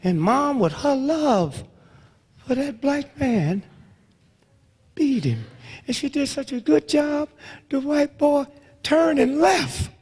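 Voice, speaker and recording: A man in his seventies giving a fiery lecture full of storytelling, swinging between hushed murmurs and loud outbursts, with rhythmic call-outs to the audience. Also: extremely high pitch, animated, slow, long pauses. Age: 70s. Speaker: speaker addressing an audience. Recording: long reverb of a large hall.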